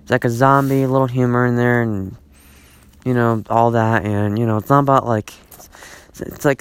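A man's voice: medium pitch, moderate pace, dry recording. Man ranting on a dry, close podcast mic. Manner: repetitive and exasperated, many restarts and fillers. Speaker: podcast host. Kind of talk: rambling solo podcast monologue. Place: at home.

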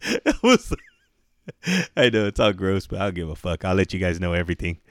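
A man's voice: low voice, fairly quick, dry recording. A man telling a story in a laid-back, rambling podcast chat, swearing freely. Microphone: headphones and studio mic.

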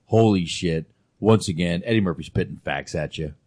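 A man's voice: low-pitched, normal speed, darkish tone. A man hosting a reaction video in casual chat, blunt and emphatic, swearing as he agrees.

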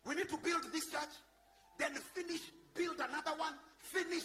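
High-voiced Kenyan bishop preaching passionately. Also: male voice, steady tone, moderate pace. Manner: passionate, shifts from loud shouting to low asides, mixes in Swahili. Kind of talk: sermon. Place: church before a congregation.

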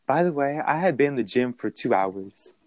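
A young man telling a story in a casual, animated and profane way, with a background. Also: medium pitch, normal speed, dry recording.

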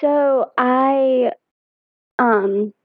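A woman's voice: high voice, very slow, no echo. A young adult woman as a guest, chatting easily with short replies. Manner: easygoing, brief replies, laughs often. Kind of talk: casual chat. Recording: tinny phone-like call audio.

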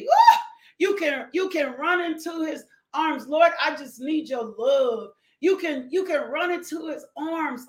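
A woman's voice: sits high, fairly bright tone, echoey room. A woman hosting a devotional podcast, preaching with exuberant energy, laughing often and calling out to listeners. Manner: exuberant, laughing, call-and-response.

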